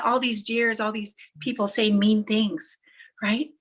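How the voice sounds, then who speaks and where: At an unhurried pace, a woman with a medium-pitched voice tells uplifting motivational stories. She is animated and emphatic, deliberately repeating phrases to drive them home.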